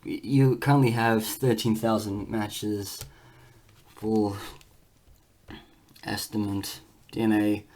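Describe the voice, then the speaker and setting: A man talking casually to camera in a vlog, rambling and halting with many fillers and restarts as he reads through results on screen. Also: lowish voice, little pitch movement, a little mellow, slight background noise. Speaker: vlogger.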